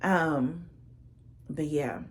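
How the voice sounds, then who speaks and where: A woman's voice: low-pitched, extremely slow. A woman telling a personal story straight to her viewers, rambling and earnest, full of fillers like "like" and "you know". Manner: earnest, heartfelt and a little emotional. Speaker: tarot reader sharing a personal story.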